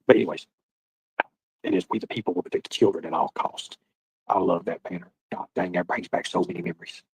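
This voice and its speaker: A man hosting a casual livestream, rambling loudly and cursing as he chats with his viewers. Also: lowish voice, husky, no echo, low-quality recording. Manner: rambling, loud, profane banter with viewers. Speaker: livestream host.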